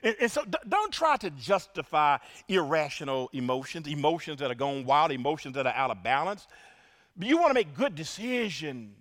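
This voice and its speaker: A man preaching a sermon, stammering repeats and calling the congregation y'all, swinging from hushed lines to loud praise. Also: on the high side, sing-song, moderate pace. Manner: repeats words in bursts, addresses crowd as y'all.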